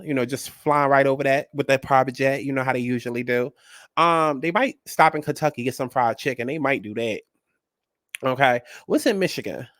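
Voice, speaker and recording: A man hosting a casual commentary vlog, talking in a sassy, animated and blunt way and swearing freely. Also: mid-range voice, no room sound, studio quality. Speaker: host.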